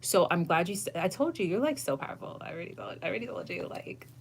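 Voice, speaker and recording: A woman with a voice on the low side hosts a casual tarot livestream, very animated and fast as she answers viewers. She gushes effusively, laughs often and swears now and then, with a little hiss or hum in the audio. She's the tarot reader who runs the channel.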